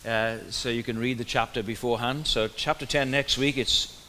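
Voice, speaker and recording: A Welsh man delivers a sermon, unhurried and lightly humorous as he tells a story. His voice has an even, middling pitch. The sound rings with a long reverb, as in a large church hall, over a faint ambient hum. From Wales. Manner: relaxed storytelling with gentle humor. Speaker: preacher.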